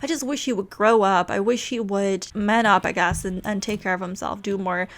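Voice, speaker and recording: A woman's voice: medium pitch, steady tone, normal speed, natural voice. Exasperated young wife for a life-sim game story, pleading and worn out, voiced plainly by a woman. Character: fed-up young wife and businesswoman.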